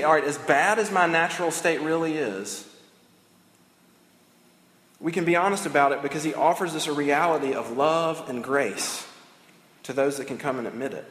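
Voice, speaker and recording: Male pastor, fairly high voice, conversational sermon, echoey hall with a long reverb. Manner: conversational preaching, acts out dialogue.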